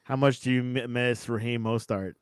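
A man hosting a casual sports chat, steering it with quick questions. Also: medium pitch, steady tone, clean tone, dry recording. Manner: leads topics with quick questions. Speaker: podcast host.

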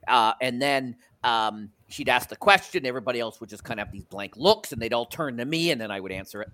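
A man's voice: medium pitch, quick pace, bright, forceful tone. A man from Canada telling rambling stories with many restarts as a podcast co-host in casual sports chat.

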